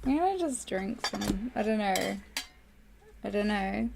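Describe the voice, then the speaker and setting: A woman, hoarse, hosting a casual live journaling session on a podcast in a rambling, chatty way with lots of fillers. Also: medium pitch, animated, slow pace, long pauses, noisy background. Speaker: podcast host.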